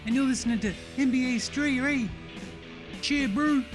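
A man's voice: extremely high pitch, normal speed, over music, voice pushed up. A man putting on a jovial New male basketball player giving a slangy greeting.

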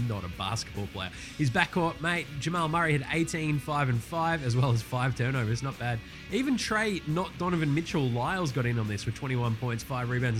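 Profane, ranting Australian sports host. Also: male voice, mid-range voice. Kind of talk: casual sports recap commentary.

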